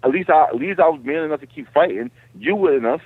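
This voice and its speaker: A man who is a guest fighter, telling stories in an animated, profane, casual way. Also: a little high, quick pace, dry recording. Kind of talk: casual interview. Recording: tinny phone line.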